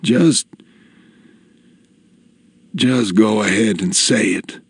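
A man voicing his dying elderly father, who speaks slowly and shakily, gruff and teasing yet worried for his son. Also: fairly low pitch, no echo, pitched above the performer's own voice, full character voice. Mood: pleading. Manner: slow, shaky, halting delivery.

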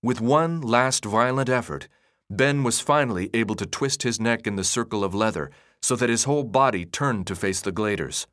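Expressive male audiobook narrator, dry sound. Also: medium pitch, normal speed, no echo. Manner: expressive, dramatic reading. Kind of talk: scripted narration.

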